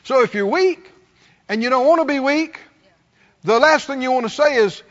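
High-voiced preacher in a reverberant hall. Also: male voice, normal speed. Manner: preacherly, calls out to the congregation, acts out complaining voices. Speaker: pastor. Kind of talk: sermon. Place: church sanctuary. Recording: dull sound, long hall reverb.

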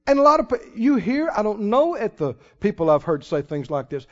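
Folksy preacher, high lively voice. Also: male voice. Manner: folksy, emphatic preaching with sudden loud swells and drawn-out words. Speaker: pastor. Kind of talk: sermon. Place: church sanctuary. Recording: muffled recording in a reverberant church hall.

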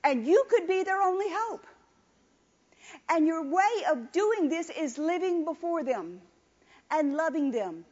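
Woman preaching, pretty high voice, dull lo-fi sound, keeps hammering her point. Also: lively intonation, measured pace, long pauses, darkish tone. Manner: emphatic, repetitive, calls on the congregation. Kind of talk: sermon. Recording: dull lo-fi recording.

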